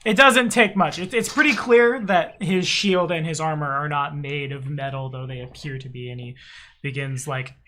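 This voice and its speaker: A man with a somewhat high voice is the game master of a tabletop session. He narrates in a relaxed, chatty way and drifts into the odd um. His tone stays casual throughout. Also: normal speed. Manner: casual and chatty, trailing into ums while describing actions.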